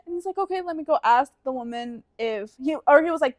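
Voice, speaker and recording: Young woman, high voice, dry close sound, casual storytelling podcast, swears, acts out quotes. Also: animated, fast talker, no room sound. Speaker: podcast co-host.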